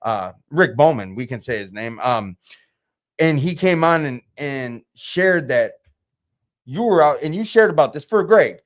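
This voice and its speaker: A man's voice: on the high side, lively intonation, a little slow. A man hosting a conversation, affirming and supportive as he talks. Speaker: host. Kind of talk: conversational interview.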